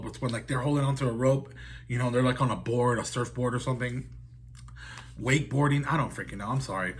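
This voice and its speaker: Husky, profane man rambling through a movie recap. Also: medium pitch, a bit bright. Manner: rambling, profane, heavy on fillers like "like" and "dude". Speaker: horror movie reviewer.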